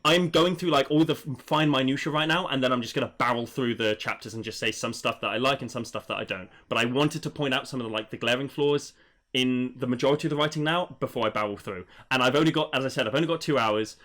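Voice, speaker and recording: A man doing a casual livestream book review, rambling with many fillers and quick laughs. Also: mid-range voice, a bit bright.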